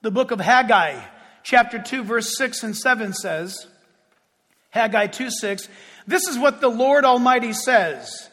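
A man preaching a fervent sermon as pastor, with sudden shouts and slow drawn-out phrases. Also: very high-pitched. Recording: long hall reverb.

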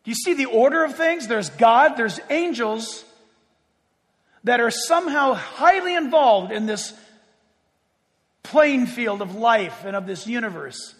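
A man pastor preaching a sermon, animated, swinging between loud exclaims and hushed asides. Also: extremely high pitch, unhurried. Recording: reverberant hall.

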